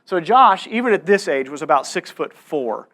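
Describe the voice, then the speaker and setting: A man's voice: a little high, animated, normal speed, fairly bright tone. A man around forty, a pastor preaching a sermon, telling stories and checking in with the room with frequent asides. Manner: storytelling with frequent "right?" asides. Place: church.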